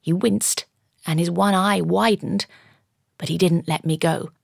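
Low, gravelly woman narrating an audiobook. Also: fairly even intonation, a little slow, no room sound, studio quality. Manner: dramatic first-person storytelling.

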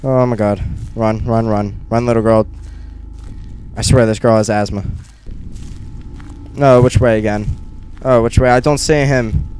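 A young man giving nervous let's play commentary on a horror game, muttering to himself and bursting into panicked yelps, recorded on a gaming headset in a dark room. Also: on the low side, steady tone, a little slow, long pauses, a little hiss or hum. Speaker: gamer.

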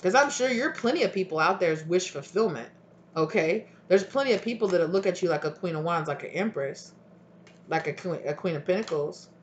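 A tarot reader giving a casual intuitive reading, chatty and acting out both partners' voices in quick back-and-forth. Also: medium pitch, animated, highs cut off, slight background noise.

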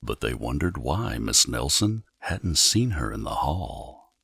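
A man reads a children's picture book aloud, his voice very deep with a gravelly edge. He moves slowly and lets his pitch swing widely for effect, and soft music plays under him. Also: very animated, no echo. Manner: playful, puts on voices for the characters. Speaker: audiobook reader. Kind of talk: children's storybook read-aloud.

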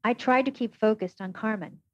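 A woman narrating an audiobook in a steady, measured first-person reading. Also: on the high side. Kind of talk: scripted narration. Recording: dull, dry lo-fi recording.

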